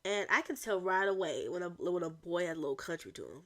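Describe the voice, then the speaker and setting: A young woman hosting a solo podcast, talking in a chatty, rambling way with animated asides. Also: lowish voice, fast talker. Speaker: podcast host. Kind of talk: casual solo chat.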